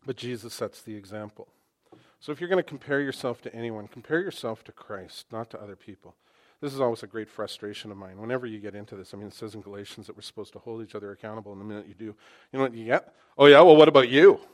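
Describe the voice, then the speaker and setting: A man preaching a sermon to his congregation, impassioned and full of rhetorical questions, swinging from loud to hushed. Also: fairly low pitch, quick pace. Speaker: pastor. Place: church sanctuary.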